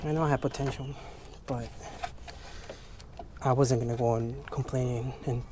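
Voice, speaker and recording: A man's voice: medium pitch, fairly even intonation, normal speed, noisy background. A man with English as his second language, frankly chatting in a rambling, motivational way while detailing his car, swearing casually.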